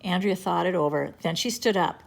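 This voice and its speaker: A woman's voice: fairly low pitch, brisk, gravelly. A woman reading a children's chapter book aloud in a playful, storytelling manner. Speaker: storybook reader.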